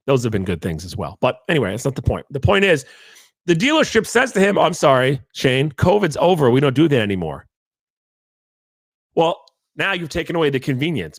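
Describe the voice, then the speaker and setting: A man hosting his podcast alone, swinging his pitch up and down as he rambles through jokey asides. The sound is close and dry, with no room around him. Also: no echo. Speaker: podcast host. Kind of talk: casual monologue.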